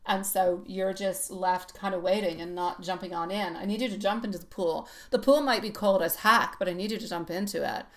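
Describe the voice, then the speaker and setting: A woman giving a live tarot reading, chatting warmly with viewers, calling them sweetie and laughing often. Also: medium pitch, fairly quick, few pauses. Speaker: tarot reader.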